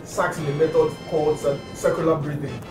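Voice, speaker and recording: A man asking an interviewer's questions, quiet and hesitant. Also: a little high, little pitch movement, brisk, faint music behind.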